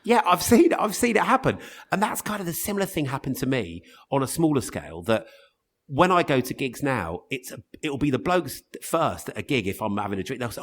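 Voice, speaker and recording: A man in his fifties chats as an interview guest, telling stories quickly and animatedly. His pitch leaps up and down as he restarts sentences and piles up asides. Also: very animated. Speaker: radio presenter, guest. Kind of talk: casual interview chat.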